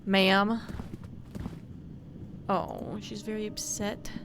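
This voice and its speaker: A woman with a mid-range voice streams a horror game at normal speed, giving casual let's-play commentary. She chats, swears casually and talks to the characters as she plays.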